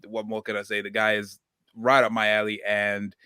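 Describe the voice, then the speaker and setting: A man's voice: fairly low pitch, completely flat delivery, moderate pace, bright, forceful tone, smooth, dry recording, studio quality. A man hosting a casual podcast chat, talking hesitantly with many ums and restarts. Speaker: podcast host.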